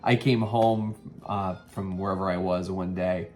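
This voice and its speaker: Rambling low-voiced man chatting. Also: fairly even intonation, measured pace, darkish tone, soft background music. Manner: rambling, with many ums and self-corrections. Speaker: vintage reseller and vlog host. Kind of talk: casual thrift haul chat.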